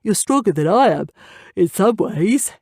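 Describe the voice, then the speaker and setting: A woman's voice: fairly low pitch, expressive, moderate pace, creaky, darkish tone, dry recording, clean studio sound. Woman doing a drowsy young male griffin. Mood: earnest. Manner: drowsy, offhand and teasing.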